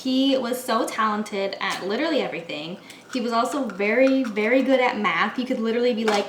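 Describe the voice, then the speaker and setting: A woman's voice: on the high side, a little fast. A young woman in her twenties chatting casually and rambling as she bakes in her apartment kitchen, laughing often. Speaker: vlogger. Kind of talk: casual chat while baking. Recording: echoey room, faint noise.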